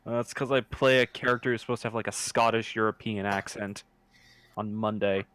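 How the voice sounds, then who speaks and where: Man, low voice, casual tabletop player, self-correcting, rambling. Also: fairly even intonation, fairly quick, a bit bright, slight background noise. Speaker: tabletop role-playing player. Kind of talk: casual tabletop play over voice chat.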